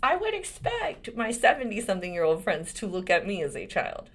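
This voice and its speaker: A woman in her forties hosts her own channel as a lawyer and speaks casually to the camera. Her voice is lively and rises and falls a great deal, and she moves from firm legal points to laughing asides. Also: mid-range voice, a little fast. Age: 40s. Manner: animated and expressive, swinging between serious points and laughter.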